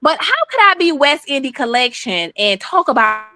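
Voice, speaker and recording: Brief: polite Southern woman caller, high voice, dry close sound. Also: big pitch swings, moderate pace, sharp tone, no echo. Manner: polite, friendly. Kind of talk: casual call-in chat.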